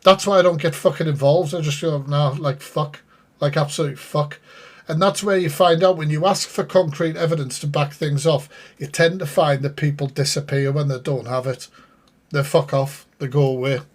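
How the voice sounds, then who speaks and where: A man's voice: fairly high pitch, fairly even intonation, moderate pace. A man giving sweary, exasperated live reaction commentary and talking to his chat. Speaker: streamer reacting to a live stream.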